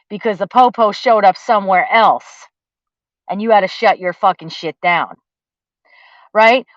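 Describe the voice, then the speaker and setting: A woman vlogger with a fairly high, slightly bright voice faces the camera and lays into her target with an angry, profane rant that mocks and accuses. The sound is dull, lo-fi, and dry, free of echo.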